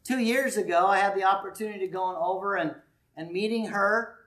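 A man's voice: sits high, a little fast. Preacher talking with his church. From United States. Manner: conversational and animated, with sudden quiet asides. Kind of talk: sermon.

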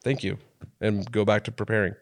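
A man's voice: on the low side, fairly quick. A man in his thirties from Oregon, telling a story on a podcast in casual chat and acting out the people he quotes. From Oregon, USA. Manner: animated storyteller who acts out quotes in shifting voices.

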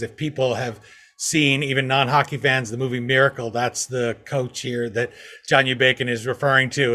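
A man's voice: medium pitch, fairly bright tone. A man hosting an interview, introducing his guest and putting questions to him. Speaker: interview host.

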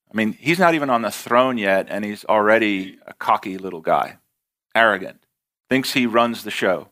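A man with an American accent preaching a sermon, rising for emphasis and slowing down to read scripture. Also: medium pitch, fairly bright tone. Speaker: pastor.

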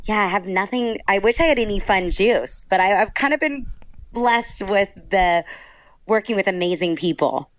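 A woman's voice: mid-range voice, animated, moderate pace. A woman from Texas, a voice actor chatting in an interview, bubbly and gushing, with lots of "like". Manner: bubbly, gushing, heavy use of "like". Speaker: voice actor guest. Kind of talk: casual interview chat.

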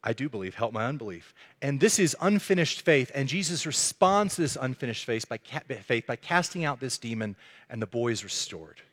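A man's voice: medium pitch, animated, moderate pace, a bit bright. A man preaching a sermon as a pastor, telling the story earnestly and acting out the quotes. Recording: echoey hall.

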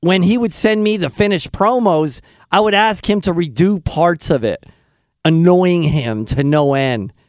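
High, lively radio host man. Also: no echo, studio quality. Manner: excitable, self-deprecating. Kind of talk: casual radio chat.

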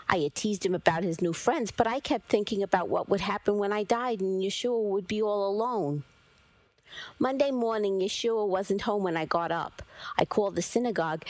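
Brief: woman narrator, first-person story reading, middle pitch, measured, dry close sound. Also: a little mellow, no echo, rough recording. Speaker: story reader.

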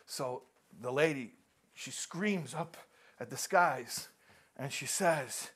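A man's voice: mid-range voice, takes it slowly, pauses often, husky. A man giving a live talk, telling jokes and acting out the characters, often restarting and repeating words. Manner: animated joke-telling, acts out characters.

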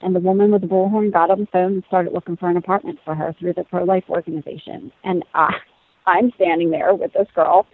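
A woman in her thirties tells a personal story in lively conversation, laughing and acting out what others said. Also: fairly low pitch, a little fast, no room sound. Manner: animated, laughing, acts out quoted voices. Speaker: guest telling a personal story. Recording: tinny phone-like sound.

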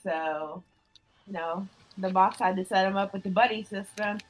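A woman role-playing her character at the table. Her voice is mid-pitched and her delivery is dry and unimpressed. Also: normal speed, slight background noise, rough recording. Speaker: player.

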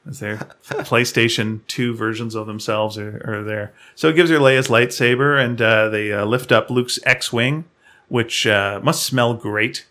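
A man's voice: medium pitch, fairly even intonation, a little slow, sharp tone. A man co-hosting a podcast, recapping a film in a rambling, sarcastic way with mocking asides. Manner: sarcastic, rambling storytelling with mock quotes. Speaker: podcast co-host. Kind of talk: casual film-recap chat.

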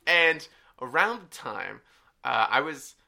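A man co-hosting a podcast, telling a family story in a casual, animated way with frequent laughs. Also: medium pitch, takes it slowly, gravelly. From Hispanic background stated, no country. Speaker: podcast co-host. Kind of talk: casual chat.

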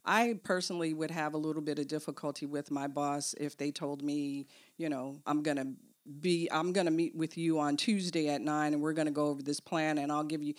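A woman co-hosting a relaxed talk about a management book. She explains ideas earnestly, step by step, and teases her partner along the way. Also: sits low, brisk. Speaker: podcast co-host. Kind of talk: casual discussion of a management book.

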